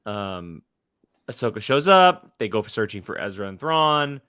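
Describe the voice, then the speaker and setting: A young man co-hosting a casual fan podcast, excitable and teasing as he talks. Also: lowish voice, normal speed, clean tone, dry recording, clean studio sound. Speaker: podcast co-host.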